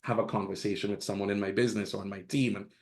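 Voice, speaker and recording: Speaking rapid-fire in a lowish, steady, creaky and slightly mellow voice, a man appears as a podcast guest. In this casual storytelling interview he's candid about his life, laughs at his own anecdotes, and acts out what people said.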